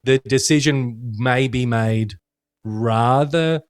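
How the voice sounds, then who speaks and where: Laughing, swearing bloke. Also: male voice, medium pitch, slow, clear, resonant tone, no echo, clean studio sound. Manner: laughs a lot, swears freely, jokey storytelling. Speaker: podcast co-host. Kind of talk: casual chat.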